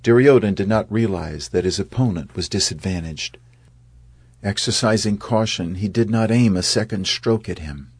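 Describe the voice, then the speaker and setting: Deep, husky-voiced male storyteller. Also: dry recording. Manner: measured storytelling, raising voice for quoted speech. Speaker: narrator. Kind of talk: scripted narration of an epic tale.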